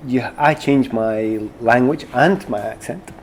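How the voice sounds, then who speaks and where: A middle-aged man with a Glasgow Scottish accent, a former footballer being interviewed, telling stories in a lively, self-deprecating way. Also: medium pitch, unhurried, a little hiss or hum. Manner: animated, self-deprecating storyteller. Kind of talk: casual conversation.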